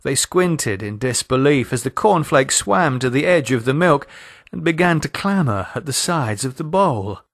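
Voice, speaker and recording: A man narrating an audio horror story in a lively, expressive storytelling manner. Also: medium pitch, moderate pace, no echo, clean studio sound.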